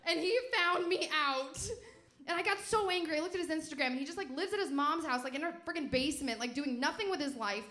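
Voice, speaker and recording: A young woman from Chicago performing a stand-up comedy set on stage, telling animated stories and acting out the people in them. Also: sits high, fast, echoey room. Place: stage before a live audience.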